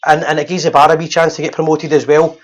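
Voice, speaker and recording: A man's voice: on the high side, flat delivery, quick pace, background noise. A Scottish man hosting a casual live fan show, rambling and restarting as he makes friendly appeals to viewers.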